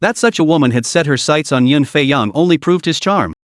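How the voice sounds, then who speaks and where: Man, story narrator, steady even delivery, slightly high voice, dry close mic. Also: fairly quick, no echo. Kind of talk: scripted story recap narration.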